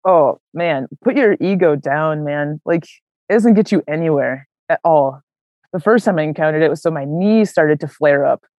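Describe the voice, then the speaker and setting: A young adult woman telling a hiking story as an interview guest, animated and casual, full of "like" and "man". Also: low voice, moderate pace, dry recording. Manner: animated, many fillers like "like" and "man", acts out quoted voices. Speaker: interview guest, long-distance hiker.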